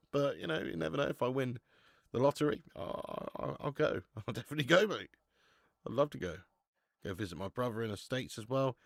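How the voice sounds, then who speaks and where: A man's voice: medium pitch, animated, a little fast, gravelly, no room sound. Casual man streaming, dry sound. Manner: casual, chatty, swears, reads out viewer messages. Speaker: football watch-along streamer. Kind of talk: live watch-along chat.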